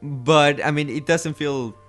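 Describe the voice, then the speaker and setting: Over soft background music, a man co-hosting a laid-back podcast thinks out loud in a fairly bright, somewhat high voice. His tone stays steady and he takes his time, pondering hesitantly with frequent fillers and false starts.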